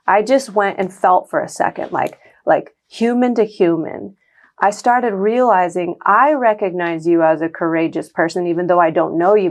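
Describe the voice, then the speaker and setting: A woman co-hosting a podcast, speaking earnestly and thoughtfully with frequent restarts. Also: on the low side. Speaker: podcast co-host. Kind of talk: reflective casual chat.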